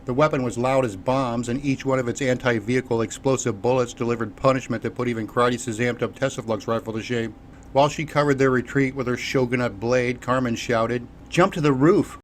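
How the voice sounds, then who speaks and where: A man's voice: mid-range voice, steady tone, a little fast. Give me a man narrating an action audiobook steadily, with faint noise behind.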